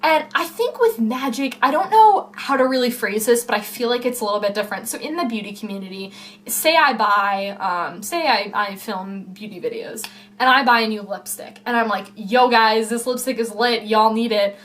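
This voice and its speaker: A woman's voice: a little high, animated, normal speed, fairly bright tone. A young woman chatting casually to camera at home in a vlog, rambling and full of fillers. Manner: rambling, filler-heavy, self-interrupting. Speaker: YouTuber. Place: home room.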